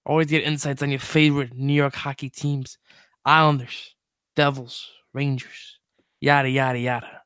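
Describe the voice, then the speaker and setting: A young man hosting a casual sports podcast, energetic and jokey, with quick stumbling restarts. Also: medium pitch, smooth, no room sound, clean studio sound. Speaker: podcast host.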